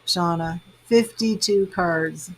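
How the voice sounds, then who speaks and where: A woman's voice: fairly low pitch, takes it slowly, rough recording. A woman reading tarot on a live stream, chatting with viewers in an emotional, rambling way with lots of fillers, tearful at times. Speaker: tarot reader and psychic medium.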